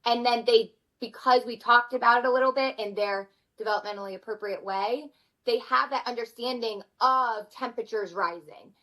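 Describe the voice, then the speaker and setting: A woman's voice: a little high, normal speed, low-quality recording. Earnest woman sharing parenting advice. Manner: earnest, animated, acts out her kids' voices. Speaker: podcast guest, mother of four. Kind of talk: conversational interview.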